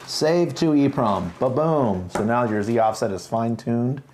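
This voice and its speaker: A man hosting a casual livestream, talking through printer setup step by step in a relaxed way with fillers. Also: mid-range voice, measured pace, a little hiss or hum. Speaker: host. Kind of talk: casual livestream tech talk.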